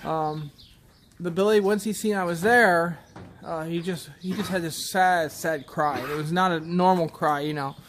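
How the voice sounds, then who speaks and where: A man who farms goats, telling a story in a plainspoken, halting way, often restarting his sentences. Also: fairly high pitch, a bit bright, slight background noise. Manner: plainspoken, halting, shaken retelling. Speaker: goat farmer. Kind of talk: casual storytelling.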